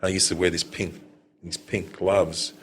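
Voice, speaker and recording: A very low-voiced man with an Australian accent tells old stories in a loose, rambling way. He laughs easily and leans on "you know" between phrases. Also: level tone, measured pace, fairly bright tone, slight background noise. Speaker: veteran punk singer and guest. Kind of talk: casual storytelling chat.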